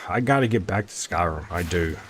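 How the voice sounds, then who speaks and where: A man's voice: deep voice, animated, a little fast, slight background noise. A young man chatting casually with his stream while playing a game, rambling and often restarting his sentences. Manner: rambling, self-interrupting, chatty. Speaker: gaming streamer. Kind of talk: casual gameplay chat with chat.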